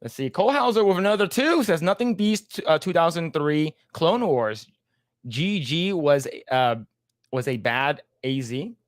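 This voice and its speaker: A man's voice: sits high, animated, normal speed, no echo, clean studio sound. A man co-hosting a casual livestream podcast, reading chat comments aloud in a laid-back way and laughing often.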